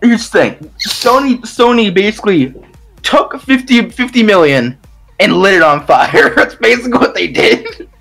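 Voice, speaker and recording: Young male co-host, lively rambling podcast chat with a higher voice, faint music underneath. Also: moderate pace, creaky. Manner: rambling, emphatic, many restarts. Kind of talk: casual chat.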